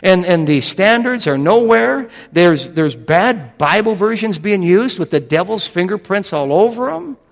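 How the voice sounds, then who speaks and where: Earnest preacher in a reverberant church. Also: male voice, animated, creaky. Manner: earnest preaching, slows and drops low on scripture quotes. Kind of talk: sermon.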